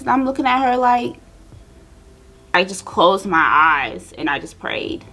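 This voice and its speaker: A young woman talks straight to her viewers in a relaxed, chatty way, mixing a personal story with makeup steps. Her voice sits at an ordinary middle pitch, animated and conversational. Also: moderate pace. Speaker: beauty vlogger. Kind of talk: casual storytelling while doing makeup.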